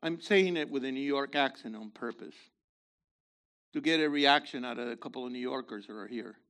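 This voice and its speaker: A man preaching a sermon in a theatrical way, acting out voices and swinging from shouts to hushed asides. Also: mid-range voice, a little fast.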